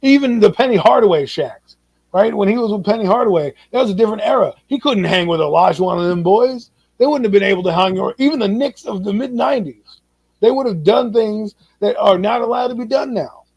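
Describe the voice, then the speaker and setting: A middle-aged man with a notably high voice argues his case in a heated sports chat, pressing and repeating his points. The recording is dry and close, with almost no room sound. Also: animated, a little fast, darkish tone, husky, no room sound. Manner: emphatic, lecturing, repeats points. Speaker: podcast co-host. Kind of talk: heated casual sports debate.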